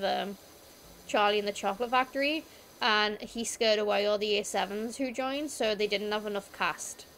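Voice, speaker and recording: Gravelly British woman chatting while gaming. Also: on the high side, a bit bright, a little hiss or hum. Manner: rambling storytelling with many "like" fillers. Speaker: streamer. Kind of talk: casual chat while gaming.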